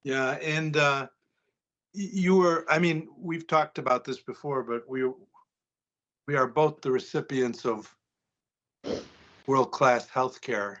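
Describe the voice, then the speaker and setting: A male host interviewing a guest, halting and searching for words, with frequent laughs. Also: mid-range voice, a bit bright. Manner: hesitant, many fillers and restarts, laughs often. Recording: slightly dull, lo-fi sound.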